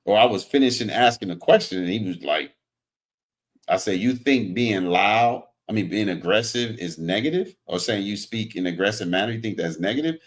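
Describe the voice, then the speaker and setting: A man's voice: fairly low pitch, lively intonation, normal speed. A man hosting a heated panel debate, questioning pointedly and arguing back. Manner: pressing, argumentative questioning.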